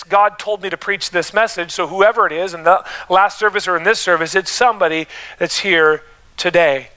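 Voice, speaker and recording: Man pastor, pulpit sermon in a church; higher voice, bright and ringing, stirs up the room with repeated questions. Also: clear, resonant tone, poor audio. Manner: preaching with rising emphasis and calls to the congregation. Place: church sanctuary.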